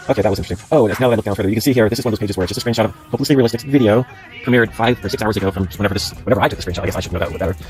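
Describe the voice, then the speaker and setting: A man's voice: on the low side, very fast, soft background music. A man hosting his own channel, reading out comment screenshots aloud and breaking in with rambling, sarcastic asides. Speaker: channel host.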